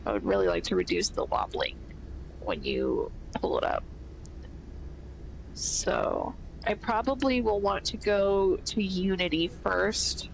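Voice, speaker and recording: A woman's voice: mid-range voice, sing-song, slow, creaky, slight background noise, rough recording. A woman casually commentating a video game playthrough, thinking aloud with a stuffy nose. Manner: thinks aloud, rambling with fillers. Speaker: gaming streamer.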